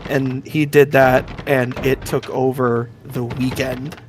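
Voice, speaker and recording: A man's voice: medium pitch, flat delivery, slow, slight background noise. A man co-hosting a casual chat, recounting a story with enthusiasm. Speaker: co-host.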